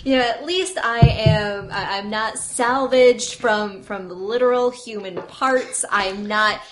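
A woman's voice: medium pitch, slow, a crowd in the background, low-quality recording. A woman, a player, introducing her character in casual chat with dry, wry humor.

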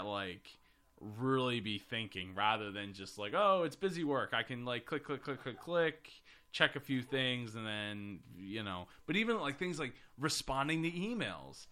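A man's voice: medium pitch, bright, forceful tone, smooth. A man hosting a podcast in casual chat, rambling with fillers and restarts. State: voice getting hoarse. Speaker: podcast host.

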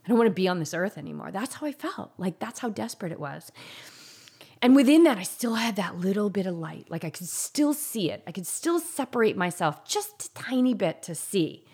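A woman's voice: medium pitch, very animated, moderate pace, darkish tone, slightly rough. A woman telling a painful personal story in an intense, confessional way, saying "like" often. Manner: intense, confessional, heavy use of "like".

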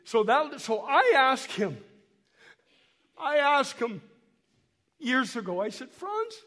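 High-voiced folksy missionary man with a cold. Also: lively intonation, takes it slowly, pushed and bright, in a large hall. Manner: folksy, repeats and restarts words, speaks directly to the congregation. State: hoarse from a cold, coughing. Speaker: missionary guest speaker. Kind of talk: storytelling talk to a church while showing photos. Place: church hall.

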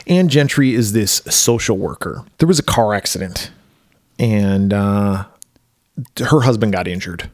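A man co-hosting a podcast, chatting casually about a movie with profane jokes and lively storytelling. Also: on the low side, a little slow, no room sound, studio quality. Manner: profane, joking, animated storytelling. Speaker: podcast co-host.

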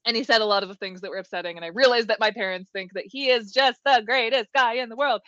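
A woman's voice: fairly high pitch, fast talker, pushed and bright, no echo, lo-fi sound. A woman on a live show telling a story in a candid, rambling way from a bedroom at home. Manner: candid, rambling, swears lightly. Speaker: regular co-host.

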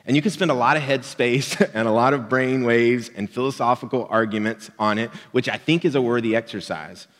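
A man's voice: medium pitch, fairly quick, few pauses, a bit bright, in a large hall. A man preaching a sermon as a pastor, in an easygoing, conversational way with light jokes.

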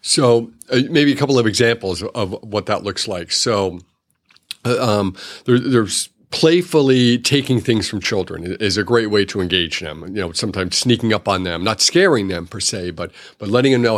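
A man's voice: fairly low pitch, normal speed. A man who works as a clinician, explaining his work in an interview and acting out examples with playful sounds. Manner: lively, acts out examples with vocal sounds. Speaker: clinician at a psychological services organization.

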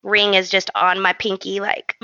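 A young adult woman co-hosting a podcast, telling a story in an animated, slangy, self-mocking way. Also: medium pitch, normal speed, no room sound, dull audio. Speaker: podcast co-host. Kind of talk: casual storytelling chat.

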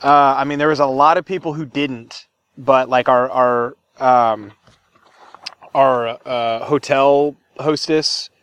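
A man's voice: mid-range voice, fairly even intonation, slow, fairly bright tone, clean tone, no room sound, dull audio. A man co-hosting a casual podcast chat, rambling loosely and laughing often. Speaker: podcast co-host.

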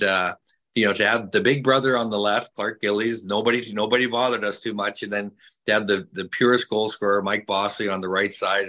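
A man's voice: on the low side, poor audio. An older man, a retired hockey player, chatting casually with fans, telling stories with many repeats and fillers. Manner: warm storyteller, repeats words, many fillers.

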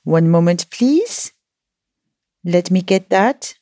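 A woman's voice: fairly low pitch, animated, slow, mellow, no room sound, studio quality. A woman putting on a hammy French chef. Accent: put-on French. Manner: hammy, savoring, playful. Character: theatrical French chef cooking vile soup, woman.

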